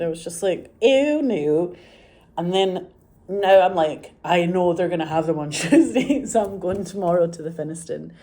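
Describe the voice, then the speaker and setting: A woman with a Scottish accent chatting casually to camera, rambling and animated, swearing freely. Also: low voice. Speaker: vlogger.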